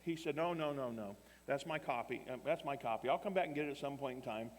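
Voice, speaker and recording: A man's voice: mid-range voice, quick pace. A man preaching a sermon, telling a story animatedly and acting out both sides of the dialogue. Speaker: pastor. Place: camp meeting hall. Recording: long hall reverb.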